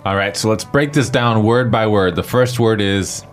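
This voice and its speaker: A man co-hosting a podcast lesson, explaining word by word in a relaxed way. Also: lowish voice, moderate pace, soft background music. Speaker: podcast co-host.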